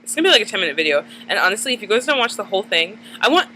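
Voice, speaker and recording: Chatty young woman with a bright voice. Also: mid-range voice, very animated, rapid-fire, slight background noise, rough recording. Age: 20s. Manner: rambling, chatty, lots of "like" fillers. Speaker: vlogger. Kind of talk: casual chat to camera. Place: dim room at night.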